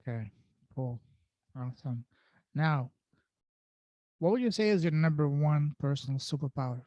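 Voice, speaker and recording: A man hosting a podcast, upbeat and chatty, tossing in quick affirmations before each question. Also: a little high, darkish tone, no echo, dull audio. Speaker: podcast host. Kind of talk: casual interview.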